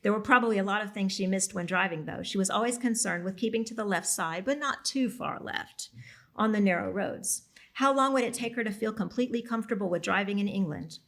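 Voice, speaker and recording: A woman author reading her own novel aloud at a library event, steady, with the odd slip and apology. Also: mid-range voice, fairly quick.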